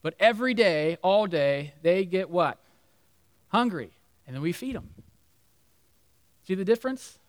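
A middle-aged male pastor preaching a sermon, animated, acting out voices and dropping to near-whispers for emphasis. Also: high voice, unhurried, long pauses, no echo. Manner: animated, acts out voices of crowd and Jesus, drops to near-whisper.

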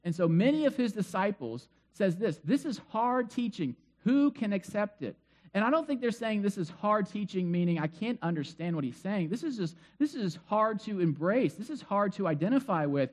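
A man's voice: sits high, lively intonation, fairly quick, few pauses. A male pastor giving a sermon in a chatty storytelling way, full of asides. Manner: conversational storytelling with many asides.

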